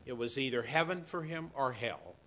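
A man preaching a sermon in a church, slow and emphatic, swinging between loud declarations and hushed asides. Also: mid-range voice, lively intonation, slight background noise. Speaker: pastor.

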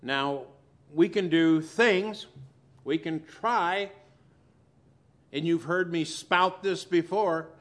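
A man preaching a sermon as pastor, swinging between loud emphasis and quiet, soft asides. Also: a little high, slow pace, pauses often.

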